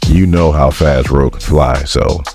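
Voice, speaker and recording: Very deep-voiced chatty man. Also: fairly even intonation, moderate pace, creaky, a little mellow, soft background music. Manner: chatty, joking aside. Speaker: comic book recap host. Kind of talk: casual comic book recap.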